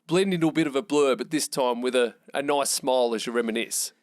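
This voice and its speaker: A man's voice: mid-range voice, fast talker, no room sound. A man hosting a studio interview and asking long, winding questions. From Australia. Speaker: podcast host.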